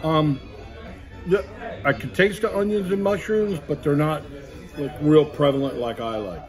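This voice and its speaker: Man, food-review co-host, lively and jokey, slightly high voice, faint music behind. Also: measured pace. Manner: enthusiastic, wisecracking. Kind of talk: casual food-review chat.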